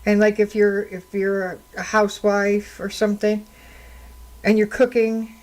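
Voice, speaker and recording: A woman's mid-range voice comes through poor audio, delivered flatly and a bit slowly. Alone at a studio mic, this radio host and counselor offers solo talk commentary, telling stories with a conversational, indignant edge.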